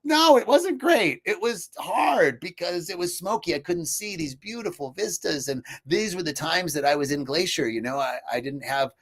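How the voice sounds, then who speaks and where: A man's voice: on the high side, normal speed, few pauses, fairly bright tone. A man hosting a live stream, telling a personal story in an earnest, reflective way and often correcting himself as he goes.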